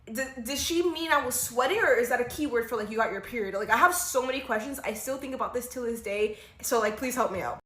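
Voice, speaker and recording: Chatty young woman, high voice, echoey room. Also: quick pace, few pauses. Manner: animated, chatty, lots of "like" and bursts of laughter. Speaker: storyteller. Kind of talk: casual story time.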